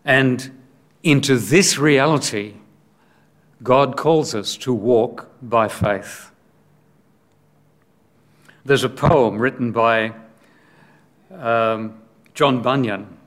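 A man preaching a sermon in a deliberate way, posing rhetorical questions. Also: medium pitch, a bit bright.

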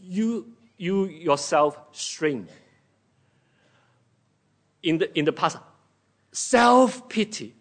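High-voiced, slow, emphatic male preacher. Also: lively intonation. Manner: slow, emphatic preaching that acts out scripture quotes. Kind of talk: sermon.

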